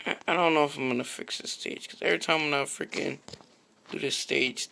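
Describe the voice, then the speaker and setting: A man's voice: fairly high pitch, a little fast, vocal fry, bright, forceful tone, a little hiss or hum, rough recording. A man streaming a block-building game, chatting casually in a rambling, slangy way that often trails off into a mutter. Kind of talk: casual live-stream chat. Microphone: own streaming mic.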